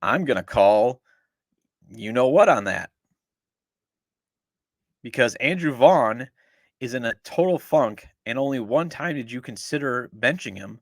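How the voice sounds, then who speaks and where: A middle-aged man hosting a sports podcast vents about his team with weary sarcasm and strong opinions. His animated, mid-range voice runs a little slow and pauses often, captured in studio quality without echo.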